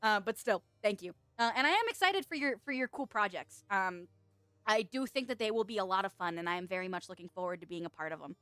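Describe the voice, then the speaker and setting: A young adult woman streamer chatting casually and excitedly with her viewers, laughing often. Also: medium pitch, fast talker, clear, resonant tone, no room sound, soft background music. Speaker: streamer and VTuber. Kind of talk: casual livestream chat.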